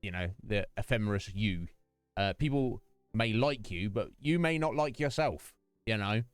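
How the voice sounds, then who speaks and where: This is a British man chatting casually on a game stream, thinking out loud for his viewers. His voice sits low and sounds smooth and clean on a dry, close mic. His thoughts wander, and he fills the gaps with ums and half-finished starts. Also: animated, moderate pace, no echo, soft background music. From United Kingdom. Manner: rambling, musing aloud with frequent fillers and restarts.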